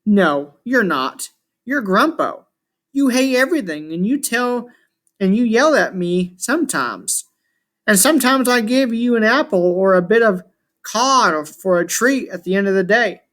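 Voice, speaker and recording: A man's voice: high voice, expressive, a little slow, a bit bright. Man reading as a cheeky teasing boy. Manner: teasing, cheerful.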